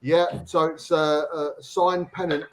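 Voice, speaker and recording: A man's voice: a little high, level tone, slow pace, fairly bright tone, poor audio. A man co-hosting a casual live stream, chatting in an easygoing, jokey way. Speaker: co-host.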